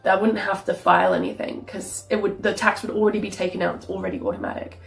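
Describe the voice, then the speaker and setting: A woman's voice: mid-range voice, sing-song, fast talker, gravelly, slightly rough. A young woman chatting casually at home, rambling with lots of "like" and casual swearing. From Australia. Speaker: streamer. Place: home room, then kitchen.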